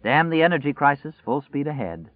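A man reading a wistful, guarded woman schoolteacher in her late thirties, speaking softly in a restrained way. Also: a little high, very animated, brisk, no room sound, pitched above the performer's own voice. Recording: dry, tinny phone-like sound.

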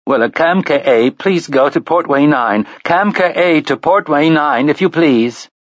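A man's voice: a little high, measured pace, no echo, pitched above the performer's own voice, natural voice. A man voicing the automated announcer of an old rail engine, stiff and formal, on a slightly dull recording. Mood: announcing.

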